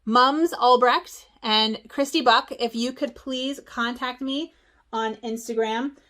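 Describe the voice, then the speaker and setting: A woman from the Philadelphia area chatting casually at home for her stitching vlog, excitable and rambling, with quick asides. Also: on the high side. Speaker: stitching vlogger.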